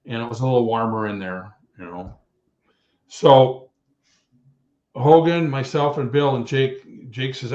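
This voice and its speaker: A man in his sixties, a retired wrestler guest, telling rambling, animated road stories and acting out what others said. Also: medium pitch, a little slow, long pauses. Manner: rambling, animated storyteller who acts out quotes. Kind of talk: anecdotal storytelling. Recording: echoey, dull remote call audio.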